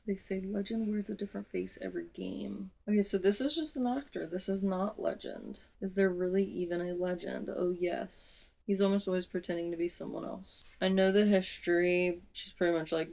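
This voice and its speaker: A young woman vlogging a book reread, reading passages aloud and breaking off into dramatic, excited asides. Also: medium pitch, moderate pace, creaky, few pauses. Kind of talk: casual reading vlog.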